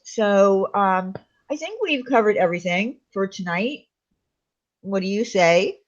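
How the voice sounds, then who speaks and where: A woman co-hosting a casual live chat show, talkative and quick to laugh, trailing off between thoughts. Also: mid-range voice, lively intonation, dull audio. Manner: chatty, laughs often, trails off. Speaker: livestream co-host.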